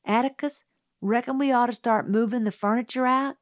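A woman's voice: a little high, brisk, dry recording, studio quality, voice pushed up, natural voice. A woman reading an audiobook, voicing an anxious, protective boy who speaks urgently and at times drops to a whisper. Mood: worried. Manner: urgent, sometimes hushed to a whisper. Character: anxious Southern boy, protective older brother. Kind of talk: audiobook character voice.

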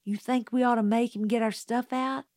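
A woman reading an audiobook, voicing a frightened, earnest young girl with a high, plaintive way of speaking. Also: fairly even intonation, normal speed, darkish tone, no echo, studio quality, natural voice. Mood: anxious. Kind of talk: audiobook character voice.

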